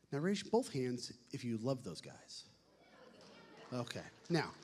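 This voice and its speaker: A man emceeing a banquet, joking with the audience and shouting playful announcer calls. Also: medium pitch, a little hiss or hum. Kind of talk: hyping up a live audience. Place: large banquet hall. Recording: echoey hall.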